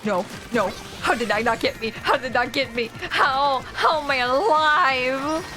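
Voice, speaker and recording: In a casual live game stream with music behind her, a young woman speaks in a high voice at a measured pace. She chats with viewers, often laughing, though she's also emotional and teary.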